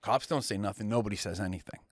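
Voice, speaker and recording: A man's voice: on the low side, fast talker, slightly rough, no echo, studio quality. A man, co-hosting a podcast, ranting heatedly and swearing a lot as he tells a story. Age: young adult. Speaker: podcast co-host. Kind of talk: casual ranting chat.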